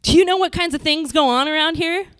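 A man's voice: very high-pitched, quick pace, a bit bright, no room sound, studio quality, pitched above the performer's own voice. A woman voicing a pushy, cruel young man in his early twenties who talks in a mocking way. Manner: mocking, jeering.

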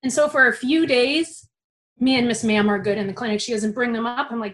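A young woman tells a personal story with animated, casual energy and a freely swearing mouth. Her voice sits high, and her telling swings between quiet asides and vivid bursts. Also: fairly quick, poor audio.

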